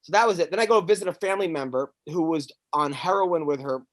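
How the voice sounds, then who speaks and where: A man, a stand-up comic hosting a podcast, tells a long, rambling story in casual chat, animated and profane, often stammering and restarting his sentences. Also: on the high side, quick pace.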